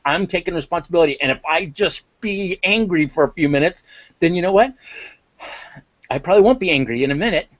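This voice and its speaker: A man's voice: high-pitched, animated, fairly quick, long pauses, fairly bright tone, no room sound, dull audio. A man speaking as an interview guest on emotional intelligence, impassioned and emphatic, repeating words for stress. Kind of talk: interview talk.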